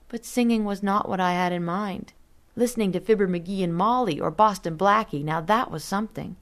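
A woman reading a story aloud as narrator in a steady, measured way. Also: mid-range voice. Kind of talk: audiobook narration.

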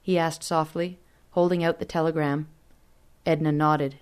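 Woman reading an audiobook, low voice, steady and expressive. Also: clean tone. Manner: measured and expressive. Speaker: narrator. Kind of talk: scripted audiobook narration.

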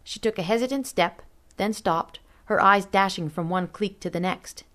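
A woman reading a story aloud as narrator in a steady, measured way. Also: medium pitch. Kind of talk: audiobook narration.

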